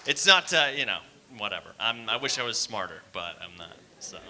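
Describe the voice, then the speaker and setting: A man's voice: on the low side, very animated, a little fast, pushed and bright. A man doing a rambling, self-deprecating stand-up set on a theater stage, full of fillers. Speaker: stand-up comic.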